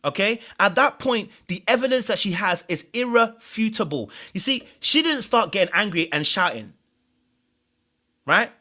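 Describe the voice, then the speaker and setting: A man's voice: high-pitched, sing-song, normal speed, pushed and bright. A man hosting a reaction commentary, animatedly explaining body language in clips and repeating phrases for emphasis. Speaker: host and commentator.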